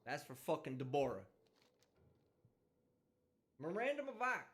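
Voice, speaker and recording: A man's voice: fairly high pitch, measured pace. Brash, foul-mouthed man ranting. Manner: brash, vulgar, animated ranting. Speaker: livestream host. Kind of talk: casual profane live-stream rant. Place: indoors, traveling.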